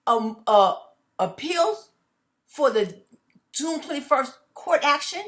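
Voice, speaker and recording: Animated, rambling woman vlogger. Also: high voice, slow. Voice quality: animated, laughing, swinging from loud to hushed. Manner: rambling with restarts and repeats; blunt, curses freely. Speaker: vlogger addressing viewers. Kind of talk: casual direct-to-camera monologue.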